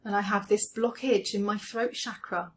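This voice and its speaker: In a steady, mid-range voice, a woman guides an EFT tapping session, speaking slowly, gently, and soothingly as she names each tapping point.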